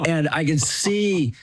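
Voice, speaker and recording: Slow, halting middle-aged man. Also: medium pitch, no room sound. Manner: halting and reflective, full of "you know" fillers and restarts; chuckles as he talks. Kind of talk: casual personal storytelling.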